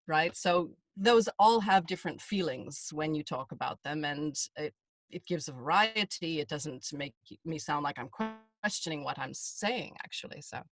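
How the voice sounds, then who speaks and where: A woman's voice: low voice, expressive, normal speed, no room sound. American woman explaining voice notes. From United States. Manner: demonstrates inflections while explaining. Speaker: voiceover artist guest. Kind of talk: explanatory interview chat.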